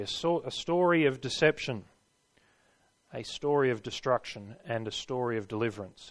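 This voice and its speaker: Male preacher, mid-pitched voice, deliberate and emphatic, builds rhythm through repetition. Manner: measured, emphatic, repeats phrases for rhythm. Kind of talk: sermon.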